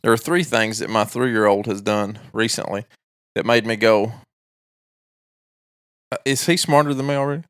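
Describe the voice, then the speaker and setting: A man's voice: lowish voice, moderate pace, long pauses, clear, resonant tone, no room sound, clean studio sound. A young adult man co-hosting a podcast, telling stories about his three-year-old son in casual chat and laughing at his own anecdotes. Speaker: podcast co-host.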